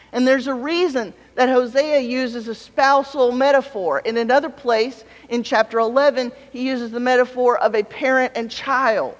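A man preaching a sermon in a conversational way, mixing playful asides with scripture read aloud. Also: very high-pitched. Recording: long reverb of a large hall.

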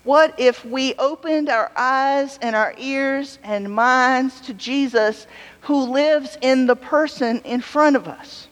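A woman preacher giving a sermon in a relaxed, conversational way, telling stories with humorous asides. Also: on the high side. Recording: long hall reverb.

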